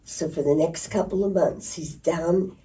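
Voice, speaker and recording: Older woman, low and warm, lively and laughing as she recalls, recorded from a distance. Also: a little slow. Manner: lively storyteller who laughs and acts out voices. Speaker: interviewee. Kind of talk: reminiscing storytelling. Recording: distant mic.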